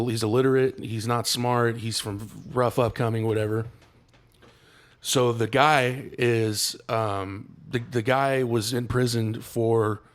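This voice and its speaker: A man of middle pitch rambles through a movie plot for his co-hosts. He talks in slang and swears freely. He stumbles and restarts as he goes. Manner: loose, profane storytelling with slang and restarts. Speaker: podcast co-host. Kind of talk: casual chat, retelling a movie plot.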